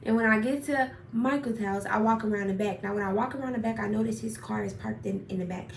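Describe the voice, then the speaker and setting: A young woman telling a personal story in a casual, animated, profane way, getting worked up as she retells it. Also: medium pitch, fast, creaky. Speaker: storyteller vlogger. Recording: roomy echo, far from mic, faint noise.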